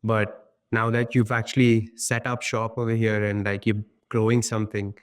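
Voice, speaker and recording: A man's voice: fairly low pitch, little pitch movement, normal speed. A man from India, hosting a casual interview and agreeing easily, calling his guest "bro". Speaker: podcast host.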